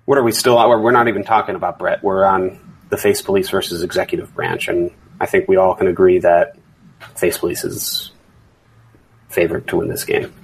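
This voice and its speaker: A man hosting a casual fantasy football podcast chat as league commissioner, rambling with halting restarts. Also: deep voice, level tone, creaky, a little hiss or hum, low-quality recording.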